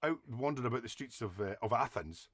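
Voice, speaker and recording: A man's voice: mid-range voice, fast talker, breathy edge, no room sound. A Scottish man, a podcast guest, telling casual anecdotes full of Scots slang. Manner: lively storyteller with Scots slang.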